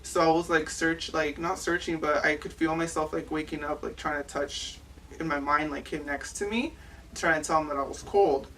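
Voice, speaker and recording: A young adult woman giving personal testimony as an interviewee, halting and full of "like" fillers. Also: sits low, steady tone, a bit bright, a little hiss or hum. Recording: distant mic with faint ambience.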